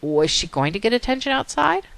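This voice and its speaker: A woman's voice: on the high side, sing-song, fairly quick, vocal fry, fairly bright tone, no echo. A woman psychology teacher lecturing, telling a story and asking rhetorical questions.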